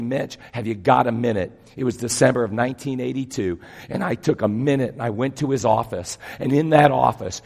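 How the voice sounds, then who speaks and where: Preacher in his fifties, husky and gravelly, animated storyteller who drops to a hush for effect. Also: mid-range voice. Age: 50s. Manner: animated storytelling, acting out voices, big swings from loud to hushed. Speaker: pastor. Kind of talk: sermon. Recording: long hall reverb.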